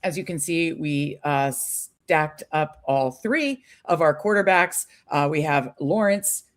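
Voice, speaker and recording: A woman's voice: low-pitched, takes it slowly. A woman co-hosting a live stream, chatting casually and upbeat with many fillers. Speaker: podcast co-host.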